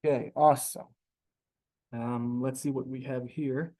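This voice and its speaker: A man's voice: mid-range voice, fairly even intonation, unhurried, mellow. A man from Israel teaching a Hebrew class, explaining patiently step by step and answering students politely. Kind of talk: classroom lesson over video call.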